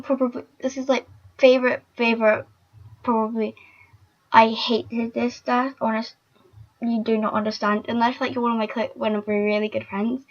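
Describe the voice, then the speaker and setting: A young woman vlogging casually, chatty and emotional, with lots of filler words. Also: fairly high pitch. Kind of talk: casual fan vlog. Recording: dull lo-fi recording.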